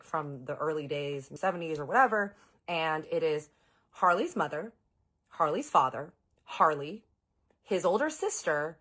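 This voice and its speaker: A woman telling a story casually to her audience, animated and chatty, jumping into exaggerated quoted voices. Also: lowish voice.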